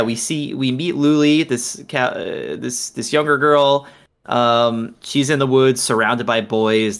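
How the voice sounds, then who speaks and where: A man's voice: mid-range voice, fairly bright tone. A man co-hosting a casual podcast, recapping a film's plot in an easygoing way with many fillers. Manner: easygoing, lots of fillers, agreeable. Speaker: podcast co-host. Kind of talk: casual movie recap chat.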